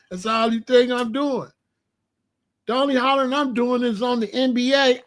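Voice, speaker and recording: A middle-aged man talks casually on his livestream. His voice sits on the high side, and he is blunt, animated and colloquial as he keeps asking his chat for examples. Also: moderate pace. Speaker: livestream host.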